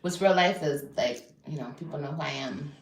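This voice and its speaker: A woman in her thirties telling stories in an animated way, often laughing and mimicking others. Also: low-pitched, fairly quick, echoey room, a little hiss or hum. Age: 30s. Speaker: YouTuber. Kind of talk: casual storytelling on a clip.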